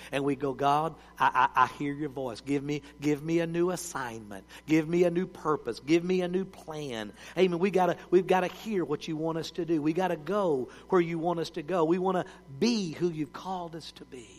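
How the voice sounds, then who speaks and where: Preacher in a reverberant hall. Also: male voice, on the high side, moderate pace, few pauses. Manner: storytelling preacher, swings from loud to hushed. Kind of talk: sermon.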